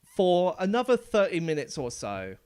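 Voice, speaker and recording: A man's voice: sits high, wildly swooping pitch, normal speed, clean tone, no echo. A man streaming a video game live, chatting casually as he plays. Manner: casual, chatty, trails off quietly. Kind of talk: live gaming stream commentary.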